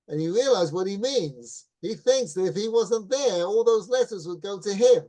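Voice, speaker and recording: This rabbi, middle-aged with a mellow, fairly high voice, tells a Torah class story at normal speed with few pauses. Loose and warm rather than formal, he restarts phrases and keeps tossing in "right?" to make sure everyone is following.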